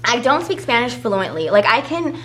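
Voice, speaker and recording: A young adult woman from South Texas with a South Texas accent, co-hosting a casual podcast chat in a playful, animated way and mixing in Spanglish. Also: fairly high pitch, normal speed, a crowd in the background. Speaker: co-host.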